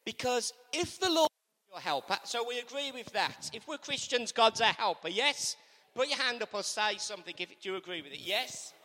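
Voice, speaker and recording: Male preacher, high lively voice, hall reverb, call-and-response sermon. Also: moderate pace. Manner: animated, repetitive call-and-response with congregation. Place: church.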